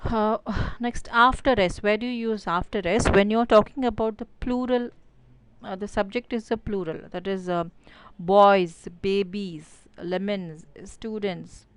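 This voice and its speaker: A woman's voice: mid-range voice, steady tone, measured pace, smooth, no echo. A woman with an Indian English accent teaching an online grammar lesson, explaining step by step with many fillers like "so" and "uh".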